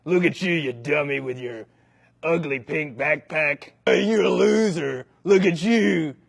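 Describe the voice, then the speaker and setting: A man's voice: fairly high pitch, unhurried, creaky. A man playing a sneering schoolyard bully. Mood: taunting. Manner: taunting, sneering. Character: mean big fifth-grade bully boy.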